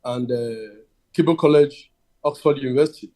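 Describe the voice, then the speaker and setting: A Nigerian man, a lawyer, introducing himself on a video call in a measured, halting way. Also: medium pitch, dark tone. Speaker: guest, lawyer.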